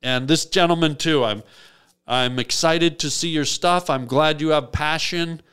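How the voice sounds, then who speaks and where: A man hosting a comic call-in show, telling absurd stories in a deadpan rambling way. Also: fairly high pitch, measured pace, smooth. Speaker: radio call-in host. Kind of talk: comic radio storytelling.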